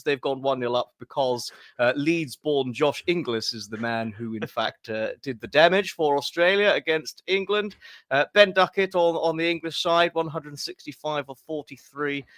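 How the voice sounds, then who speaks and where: A pompous, hoity-toity English gentleman, as a man puts him on, blustering through his words with stammers and restarts. The voice is pitched up from his own and sounds dry and close. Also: no echo, lightly acted. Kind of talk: comic impression in podcast chat.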